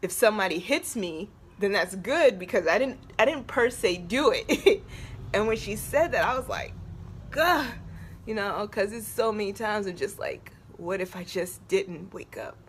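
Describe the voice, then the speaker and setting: A woman from the Baltimore area talking to camera in a personal vlog, halting and emotional, moving between laughter and tears. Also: mid-range voice, slight background noise. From Baltimore area, USA. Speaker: vlogger.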